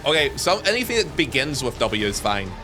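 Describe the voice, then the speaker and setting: Streamer, Northern Irish man, young, animated bright delivery, jokey, faint music behind. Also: mid-range voice, a little fast. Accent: Northern Irish, softened. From Northern Ireland. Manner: chatty, joking, swearing. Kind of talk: casual chat with viewers.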